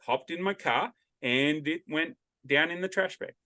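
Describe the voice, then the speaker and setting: A man's voice: on the high side, measured pace, bright, forceful tone, dry recording, clean studio sound. A man with an Australian accent hosting a casual interview, rambling and joking as he drifts off on tangents, speaking over a video call. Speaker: podcast host. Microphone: video call headset.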